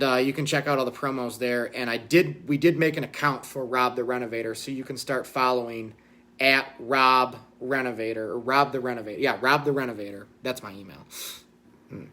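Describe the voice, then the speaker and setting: A man's voice: medium pitch, normal speed, bright, forceful tone. A man hosting a casual livestream, rambling and self-deprecating, with lots of fillers. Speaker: channel host.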